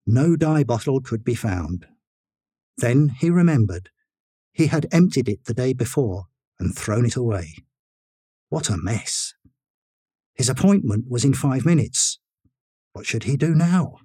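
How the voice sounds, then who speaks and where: A male storyteller reading a story aloud at a slow, measured pace. His pitch moves expressively while his delivery stays steady. The sound is dry and close, with no room echo. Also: slightly rough. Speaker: narrator. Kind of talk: scripted storybook narration.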